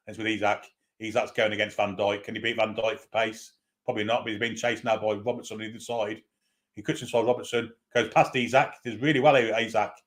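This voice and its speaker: A man giving partisan live play-by-play commentary on a football match as a fan, with running asides. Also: on the low side.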